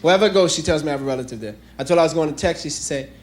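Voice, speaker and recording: A man's voice: fairly high pitch, rapid-fire. A young man from New York doing a stand-up comedy set on a club stage, telling jokes conversationally and breaking into acted voices. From New York City. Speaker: stand-up comic. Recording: crowd laughter and noise.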